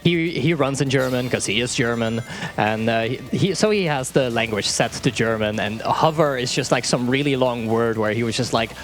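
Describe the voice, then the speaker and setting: A speedrunner gives live commentary from a marathon event stage, explaining his run casually, laughing a lot and tripping over his words. He has a mid-range voice and a moderate pace with few pauses, and faint game music plays underneath.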